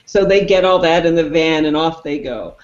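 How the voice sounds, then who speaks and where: Lively movie-review co-host, mid-pitched, retells scenes; roomy, muffled lo-fi recording. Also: moderate pace. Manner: animated storyteller who acts out the characters' lines. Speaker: film review show co-host. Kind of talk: casual film review chat. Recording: roomy, dull lo-fi sound.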